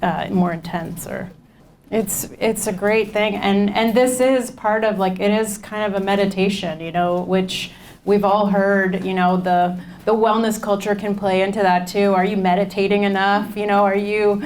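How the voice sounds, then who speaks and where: A woman's voice: medium pitch, steady tone, moderate pace, darkish tone, slight background noise. A woman leading a nutrition class, talking informally to a group and repeating their comments back to them. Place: community class room.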